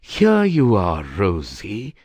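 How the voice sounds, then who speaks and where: A jittery, fussy young man from a storybook, as a woman reader puts him on, pitched low for her and swinging widely between deep and high notes. He speaks slowly and edgily in a dry, close sound, snapping when annoyed and quavering when scared. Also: sing-song, husky, dry recording, heavily acted. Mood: trembling. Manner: nervous and irritable.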